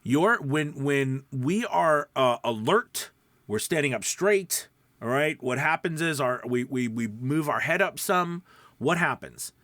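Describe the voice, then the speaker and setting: A man hosting a show for new voiceover artists, teaching in an energetic, chatty way with frequent fillers. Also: mid-range voice, unhurried, dry recording. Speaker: voiceover coach. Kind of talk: upbeat teaching monologue.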